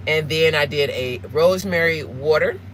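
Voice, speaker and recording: A rambling woman chats away to her viewers from behind the wheel. Steady road noise hums under her voice, picked up by a phone inside the car. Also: deep voice, moderate pace, low-quality recording. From Southern United States. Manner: rambling, chatty, asks viewers questions. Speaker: live-streaming vlogger. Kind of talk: casual chat while driving.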